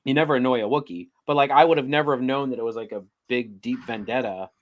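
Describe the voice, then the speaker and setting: Casual co-host, mid-pitched man, easygoing, full of fillers. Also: fast talker, highs cut off. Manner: easygoing, lots of "like" and "you know". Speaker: podcast co-host. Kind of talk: casual chat.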